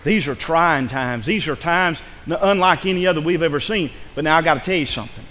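A man's voice: a little high, fairly quick, pushed and bright, a little hiss or hum. A male pastor preaching a fervent sermon in a church, swelling into impassioned calls to the congregation. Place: church sanctuary. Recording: reverberant church hall.

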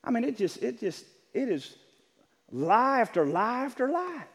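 A man preaches with a strikingly high voice that rises and falls in lively swings. He drops low for quiet asides, then climbs into loud, shouted stretches. The sound rings with the long reverb of a church hall. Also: a little slow, slightly rough. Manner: builds from low talk to shouted preaching, acts out quotes. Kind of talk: sermon.

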